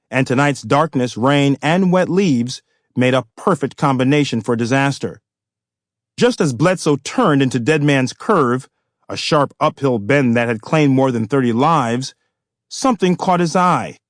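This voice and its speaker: A man narrating his own novel as an audiobook, in a measured, even manner. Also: mid-range voice, no room sound, clean studio sound. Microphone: studio microphone.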